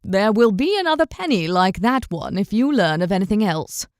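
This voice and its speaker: A woman's voice: mid-range voice, big pitch swings, normal speed, a little mellow, no echo, clean studio sound, lightly acted. A woman voicing a courteous young male knight in an audiobook, speaking politely and with measure.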